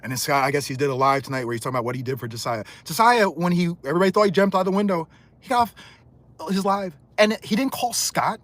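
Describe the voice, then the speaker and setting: A man ranting angrily on a livestream, hurling insults and swinging between loud outbursts and muttered asides. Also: fairly high pitch, fast. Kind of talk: heated livestream rant.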